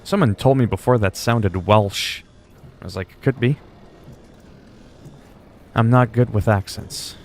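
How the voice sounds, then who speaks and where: A man's voice: fairly low pitch, a little slow, pauses often. A man chatting casually on a game livestream, rambling and swearing freely. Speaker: game streamer.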